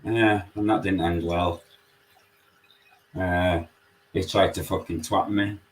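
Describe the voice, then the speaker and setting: A man with a Yorkshire accent, calling in and telling a story in casual chat, swearing constantly and animated. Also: low-pitched, takes it slowly, slight background noise, poor audio. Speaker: caller.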